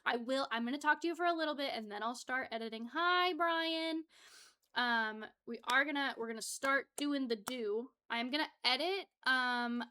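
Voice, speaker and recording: A woman's voice: high voice, normal speed, sharp tone, clean tone. A young woman hosting a casual livestream from her home setup, chatting with viewers in a bubbly, giggly way and getting easily flustered. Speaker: livestream host.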